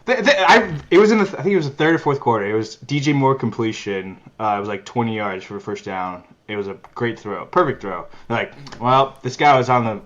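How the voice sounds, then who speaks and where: A man's voice: lowish voice, fast talker, few pauses, highs cut off. A man co-hosting a casual sports podcast, laughing often and ranting as he mocks announcers. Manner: animated, laughing, mocking announcers in raised voice. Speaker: podcast co-host.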